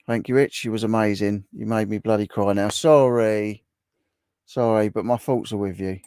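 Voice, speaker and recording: A man's voice: lowish voice, fairly even intonation, normal speed, a little mellow, smooth, no room sound, clean studio sound. A man hosting a casual livestream, reading viewer comments aloud and chatting with them in a bantering, repetitive way. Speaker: livestream host.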